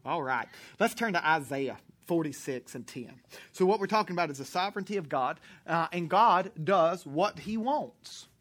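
A pastor preaching to a congregation in church, animated and joking, sometimes shouting. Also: male voice, on the high side, normal speed. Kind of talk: sermon.

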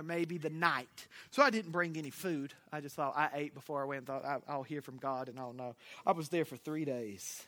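A man's voice: fairly high pitch, bright, forceful tone. A man pastor from Florida with a Southern accent, preaching a sermon through humorous, folksy storytelling.

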